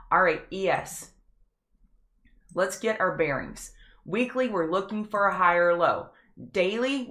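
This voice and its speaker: A woman's voice: lowish voice, a bit bright. A woman hosting a live stock market prep show, chatty and easily emotional as she walks through charts. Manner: chatty, emotional, quick to tear up. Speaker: market analyst host. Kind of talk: live trading show commentary.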